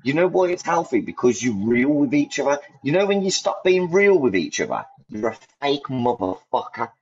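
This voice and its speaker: Man, husky voice, blunt and profane, dull lo-fi recording. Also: medium pitch, sing-song, moderate pace. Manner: blunt, swearing, repeats himself for emphasis. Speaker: podcast host. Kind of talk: heated casual chat. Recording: dull lo-fi audio.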